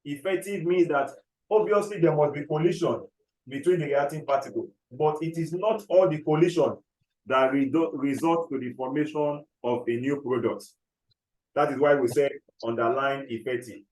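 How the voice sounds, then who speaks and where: A man's voice: a little high, darkish tone, echoey room, low-quality recording. A man teaching chemistry in a classroom, dictating notes and often checking whether the class follows. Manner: repeats key phrases slowly, checks understanding often.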